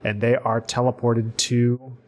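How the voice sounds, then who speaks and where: A man who is the game master of a podcast, recapping the last game session haltingly with many fillers. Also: mid-range voice, flat delivery.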